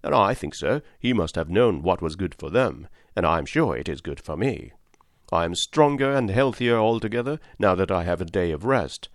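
A man's voice: deep voice, expressive, moderate pace, no echo, studio quality. A man reading the part of an honest, hardworking cabman who speaks earnestly and respectfully. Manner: earnest, respectful, plain-spoken. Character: honest hardworking male London cabman, steady and devout. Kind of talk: audiobook character reading.

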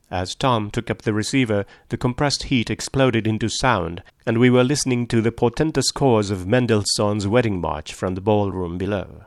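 A man reading a novel aloud as an audiobook narrator, measured and literary. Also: fairly low pitch, dry recording, studio quality. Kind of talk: scripted narration.

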